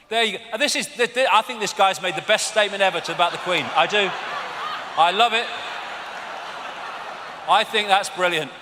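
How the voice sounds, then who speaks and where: High, bright-voiced English man lecturing. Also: a little fast, pauses often, slight background noise. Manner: animated, mocking, swears freely. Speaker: seminar speaker. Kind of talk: live seminar lecture. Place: lecture hall with audience. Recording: long hall reverb, faint audience.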